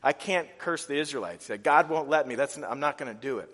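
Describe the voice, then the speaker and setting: A man's voice: medium pitch, brisk, a bit bright, natural voice. A man doing a reluctant prophet, firm, plain refusal, echoing hall. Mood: refusing. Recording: reverberant hall.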